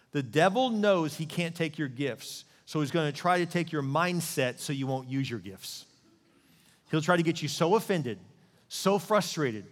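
A male pastor preaching a sermon in a lively way, often putting questions to his listeners. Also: fairly high pitch, big-room sound. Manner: animated preaching, asks the crowd questions.

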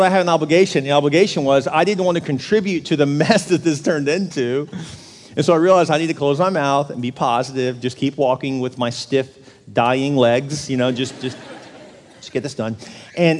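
A pastor preaching a sermon in a church, telling humorous stories and putting questions to the congregation in an animated way. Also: male voice, on the high side, brisk. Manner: animated, humorous storytelling that asks the crowd questions. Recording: long reverb of a large hall.

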